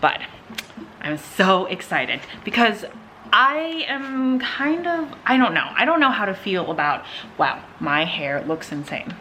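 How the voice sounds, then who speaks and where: A young woman chatting excitedly in a casual reading vlog from home. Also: medium pitch, measured pace, a little hiss or hum. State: out of breath. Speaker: vlogger.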